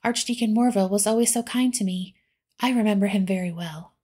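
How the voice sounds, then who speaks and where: A woman softly voicing an earnest, remorseful young gentleman in a whispered role-play reading. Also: mid-range voice, a little fast, natural voice. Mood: eager. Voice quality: soft, breathy.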